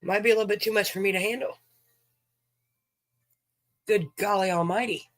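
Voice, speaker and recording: A man's voice: high-pitched, steady tone, normal speed, a bit bright, no room sound. A man hosting a livestream game, chatting in a folksy way and greeting viewers by name. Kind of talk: casual livestream chat, reading viewers' names.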